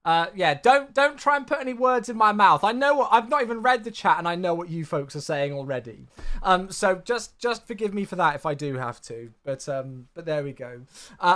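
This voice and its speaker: Male streamer, casual and chatty, pitch bouncing around a lot. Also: animated, a little fast. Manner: chatty, thanks viewers warmly by name, says "mate" a lot. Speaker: flight sim streamer. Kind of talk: casual live-stream chat.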